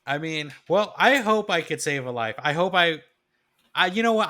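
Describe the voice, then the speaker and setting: A man co-hosting a podcast, telling stories in chatty, animated casual conversation. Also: fairly high pitch, moderate pace. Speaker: podcast co-host. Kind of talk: casual chat.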